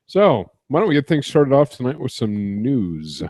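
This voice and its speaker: A man's voice: mid-range voice, very animated, normal speed, darkish tone, dry recording, clean studio sound. A man co-hosting a casual podcast, playful and teasing in his banter. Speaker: podcast co-host.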